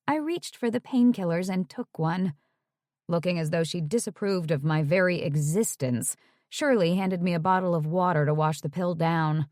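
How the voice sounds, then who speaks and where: A woman's voice: on the low side, unhurried, a little mellow, no echo. Woman narrating an audiobook, dry studio sound. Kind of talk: scripted first-person narration.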